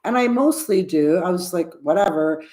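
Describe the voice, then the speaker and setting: This sixty-something woman's vlog is relaxed and heartfelt, full of self-interruptions as she restarts and circles back mid-sentence. Her low-leaning, mellow voice is expressive and moves at normal speed.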